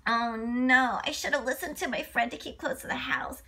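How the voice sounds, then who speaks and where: A woman voicing a curious, playful little monkey boy in a children's storybook, excitable and full of sound-effect words. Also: high-pitched, moderate pace, husky, heavily acted. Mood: upset. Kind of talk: children's storybook read-aloud.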